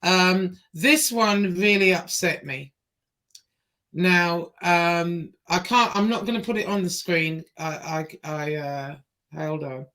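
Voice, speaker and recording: A woman hosting a livestream, talking in a halting way with many pauses and fillers as she reads messages aloud. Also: on the low side, a bit bright. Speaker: show host. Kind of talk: livestream interview.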